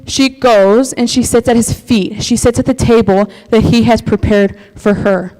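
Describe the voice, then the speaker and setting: A young woman giving a youth sermon, animated, acting out prayers and checking in with "okay?". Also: a little high, a little slow. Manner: animated, acts out quoted prayers, frequent "okay?". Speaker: youth speaker. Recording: long hall reverb.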